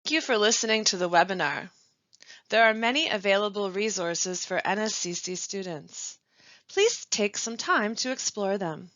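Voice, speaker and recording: A woman instructor reads a pronunciation lesson, stressing words carefully and pausing between phrases. Her voice sits at a middle pitch and sounds a little dull and muffled. The recording is dry, with no room sound. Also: lively intonation, fairly bright tone, no room sound. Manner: slow, carefully stressed reading of example sentences. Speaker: language support instructor.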